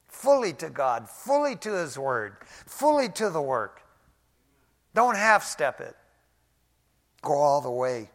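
A male pastor preaching a sermon in a casual way, often saying "man" and swinging from quiet asides to loud emphasis. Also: mid-range voice, gravelly. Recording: echoey hall.

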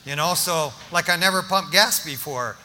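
An older man preaches with a high, very bright, piercing voice, joking his way through a story and acting out the dialogue. His words ring out with a long reverb from a big church hall. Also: moderate pace. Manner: animated, joking, with restarts and acted-out dialogue. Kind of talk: storytelling sermon testimony.

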